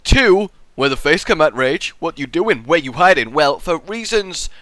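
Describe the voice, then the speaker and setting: Young man, sleepy rambling host, bright tense voice, very lively pitch, smooth and dry. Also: moderate pace, dry recording. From England. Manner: rambling and goofy, with sudden loud outbursts. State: sleep-deprived and muddled. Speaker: host of a viewer question show. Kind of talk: casual audio-only chat. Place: hot room at home.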